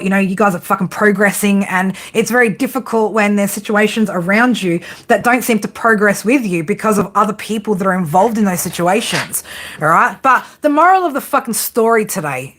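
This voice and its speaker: A woman's voice: mid-range voice, fairly bright tone. A woman reading tarot for her viewers, ranting in an exasperated way, swearing constantly, laughing often and asking "right?" again and again. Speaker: psychic tarot reader.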